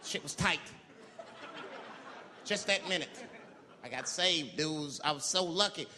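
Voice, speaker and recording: A man telling a stand-up story, animated and jumping into high shrieking voices for the people in it. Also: a little slow. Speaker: stand-up comedian. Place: large hall with live audience. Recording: live hall recording with crowd. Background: audience laughter and crowd noise.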